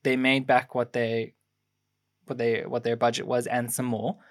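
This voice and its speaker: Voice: mid-range voice, flat delivery, a little slow. This is a young adult co-host of a casual film review podcast, sharing production trivia in a loose, rambling way. The delivery is full of ums, self-corrections and restarts, as if piecing facts together while talking.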